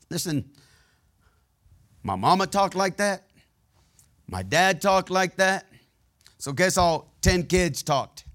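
A man with a high-pitched, fairly bright voice preaches a sermon, sharing personal stories in a candid, plainspoken way. His preaching is conversational, with call-and-response asides as he checks in with the congregation.

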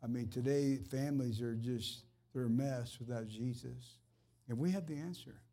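An earnest man doing informal preaching and personal ministry speaks directly to one listener in a plain, conversational way. His mellow voice sits at an ordinary middle pitch, neither deep nor high, with a fervent edge, and he keeps a moderate pace.

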